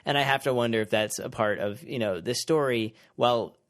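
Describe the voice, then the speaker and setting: A man's voice: mid-range voice, a little fast, dry recording, studio quality. A man co-hosting a podcast, talking casually and a little hesitantly, with fillers. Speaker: podcast co-host. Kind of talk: casual chat.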